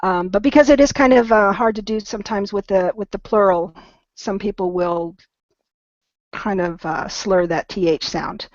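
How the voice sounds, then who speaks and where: A patient woman teaches English online, slowing down to model each word with gentle encouragement. The recording is dry and close, with a slightly dull, lo-fi tone. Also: mid-range voice, dry recording. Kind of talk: online pronunciation lesson.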